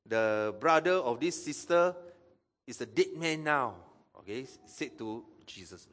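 A man's voice: mid-range voice, unhurried, fairly bright tone. A man preaching a sermon as pastor, acting out Bible quotes and asking the audience questions.

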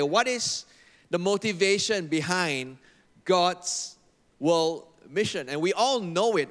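A pastor with a fairly high, somewhat bright voice preaches a sermon in a church hall, captured with long hall reverb. He's emphatic, repeating phrases for effect. He leads the congregation in reading aloud together, call-and-response style.

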